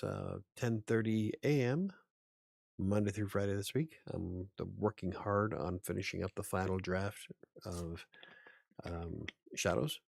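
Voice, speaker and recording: A man's voice: lowish voice, creaky, a little mellow, dry recording, studio quality. A man hosting a casual livestream as an author, rambling a little, chuckling and answering chat comments aloud.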